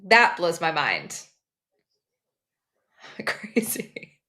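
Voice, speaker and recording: Woman co-host, lowish voice that jumps around a lot, laughs along. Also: wildly swooping pitch, extremely slow, pushed and bright. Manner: asks questions, laughs along often. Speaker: podcast co-host. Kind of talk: casual chat.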